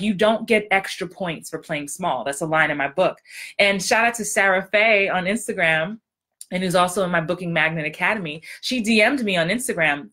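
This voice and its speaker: Excitable bright-voiced woman coach. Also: lowish voice. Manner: excitable, upbeat, talks straight to viewers. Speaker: acting coach and author. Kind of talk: casual livestream chat.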